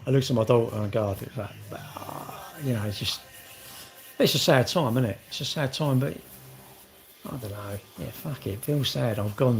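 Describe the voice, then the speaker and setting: A middle-aged man, rambling in casual vlog chat, swearing and joking. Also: medium pitch. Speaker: vlogger.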